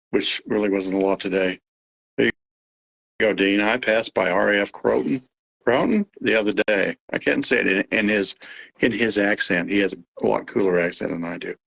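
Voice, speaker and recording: A man's voice: fairly low pitch, creaky, a bit bright, poor audio. A man with a Texas accent and a slightly nasal voice, hosting a casual live Q&A and rambling with fillers and restarts. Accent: Texan. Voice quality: a little nasal. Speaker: host of a live radio-monitoring Q&A.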